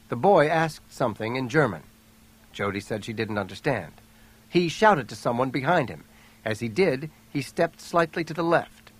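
A man narrating an audiobook thriller in a steady, even storytelling voice. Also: mid-range voice. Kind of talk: scripted narration.

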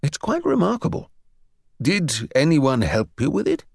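A man's voice: a little high, wildly swooping pitch, unhurried, gravelly, darkish tone, slightly rough, dry recording, studio quality, voice pushed up, heavily acted. A man voicing an older, pompous male headmaster with a haughty, condescending drawl.

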